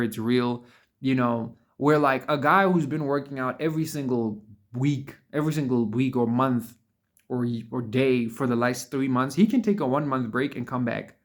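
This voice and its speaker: A man talking casually to camera in a motivational monologue, blunt and profane, repeating words for emphasis and calling the listener bro and dude. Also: medium pitch. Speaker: vlogger.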